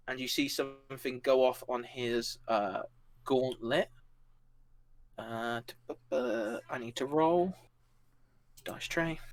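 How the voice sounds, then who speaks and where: A man's voice: a little high, a bit bright. A man narrating a tabletop game as game master, rambling with many fillers and laughing along. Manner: rambling, filler-heavy, laughing, acts out characters.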